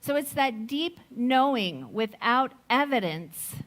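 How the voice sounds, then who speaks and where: Slow, reflective woman giving a sermon. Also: a little high, animated. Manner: slow, reflective, gently laughing while telling a story. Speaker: speaker at a Sunday service. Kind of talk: personal sermon with a story.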